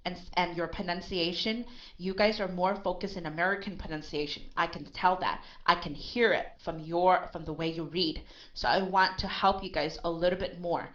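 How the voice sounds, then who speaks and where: Low-voiced woman coaching pronunciation. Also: fairly bright tone. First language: Vietnamese. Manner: corrective, repeats words slowly for the student. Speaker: English pronunciation teacher. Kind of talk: online pronunciation lesson. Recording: dull lo-fi sound.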